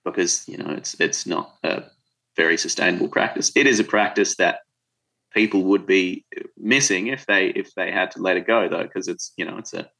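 A man's voice: deep voice, normal speed, creaky, sharp tone, slightly rough, low-quality recording. A man from Tasmania with an Australian accent, a guest in a podcast interview, talking casually and a little hesitantly. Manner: hesitant, with many fillers and restarts.

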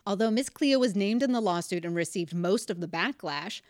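A woman's voice: mid-range voice, expressive, a little fast, no room sound. Chatty young woman co-hosting, dry sound. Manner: chatty storytelling, reads out facts with asides and laughs. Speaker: podcast co-host. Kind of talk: casual chat.

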